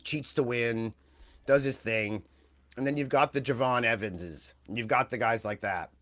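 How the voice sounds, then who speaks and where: A man's voice: medium pitch, moderate pace, fairly bright tone, dry recording, clean studio sound. A man co-hosting a wrestling podcast, talking in a rambling, casual way that trails off and restarts. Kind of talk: casual chat.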